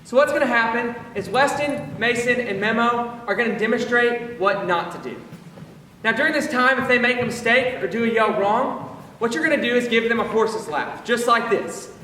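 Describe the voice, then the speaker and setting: A young yell leader speaks to a crowd in an upbeat, direct way. His voice is bright and high. It carries from a distance through a long-ringing hall with faint room noise behind. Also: normal speed. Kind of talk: energetic instructional address. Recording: echoey hall, voice from far off.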